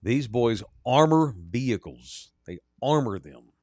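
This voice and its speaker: A man's voice: mid-range voice, very animated, slow pace, a little mellow, no room sound, clean studio sound. A man co-hosting a sports radio show, talking bluntly and profanely and slipping into mocking impressions. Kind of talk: casual sports talk.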